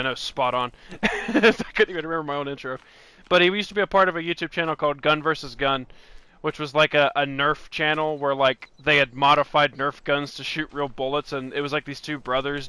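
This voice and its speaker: A man's voice: a little high, steady tone, brisk, bright, forceful tone, clean tone, dry recording. A young man hosting a gaming channel, chatting casually while he plays, rambling and laughing often as he restarts his sentences. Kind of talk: casual let's-play chat.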